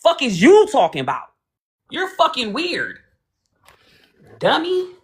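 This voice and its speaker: A woman's voice: high-pitched, wildly swooping pitch, slow. A woman from Los Angeles hosting a livestream, talking in a profane, combative and mocking way. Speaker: livestream host. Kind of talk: heated casual livestream talk.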